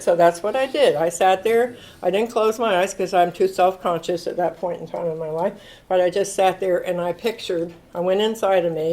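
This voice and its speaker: In a rough recording, a woman in her sixties with a fairly low voice gives a recovery talk as an AA speaker. Her stories come alive through acted-out quotes, and she breaks into laughter frequently.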